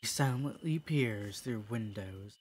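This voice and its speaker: A streamer reading a creepy storybook aloud as a whispered role-play, slow and hushed. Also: mid-range voice, a little hiss or hum, close to an everyday voice. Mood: eerie.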